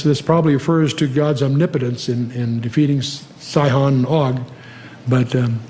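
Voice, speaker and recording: A man's voice: a little high, mellow, a little hiss or hum. Chatty older man teaching scripture. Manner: conversational, reads scripture aloud with rising emphasis, frequent fillers. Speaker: Bible teacher. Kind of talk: verse-by-verse Bible teaching.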